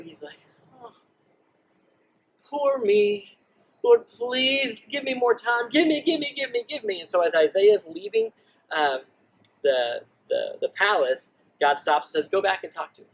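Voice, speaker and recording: Animated male youth teacher, slightly high voice, light background hiss. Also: poor audio. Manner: animated storyteller acting out quotes. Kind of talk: casual Bible teaching.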